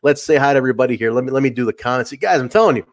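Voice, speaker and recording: A man hosts a casual solo podcast livestream, talking rapid-fire in a mid-range voice. He rambles through a story with fillers and restarts, acting out other people's lines as he goes.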